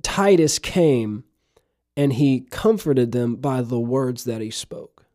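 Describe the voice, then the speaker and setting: A man's voice: medium pitch, expressive, takes it slowly, mellow. A man preaching a conversational sermon for his podcast, asking rhetorical questions and dropping in chuckling asides.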